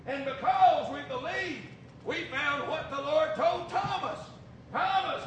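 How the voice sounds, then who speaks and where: Male preacher, high voice, fervent sermon, distant echoey noisy recording. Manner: fervent, building to shouted preaching. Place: church. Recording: echoey distant room mic with noise.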